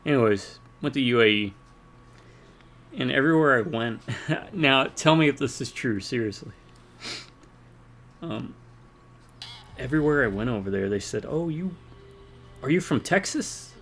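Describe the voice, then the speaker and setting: A man's voice: mid-range voice, normal speed, creaky, pauses often, a bit bright, faint music behind. A man from the American South rambling casually while commenting on his gameplay. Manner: rambling, chatty, self-deprecating. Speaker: let's play gamer.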